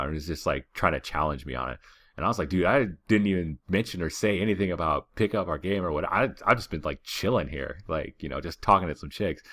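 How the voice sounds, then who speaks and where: A man's voice: rumbling low, brisk, fairly bright tone, no room sound, studio quality. A young man hosting a podcast, casually telling a rambling travel story with many fillers. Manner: rambling, filler-heavy, laid-back. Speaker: podcast host.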